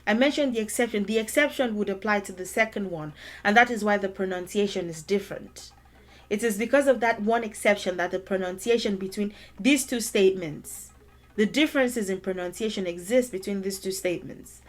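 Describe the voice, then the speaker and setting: A woman's voice: medium pitch, fairly quick. A woman with a mid-range voice teaches a language lesson. She talks patiently, repeats her key points, and models each word aloud as she goes. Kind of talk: explaining and demonstrating pronunciation.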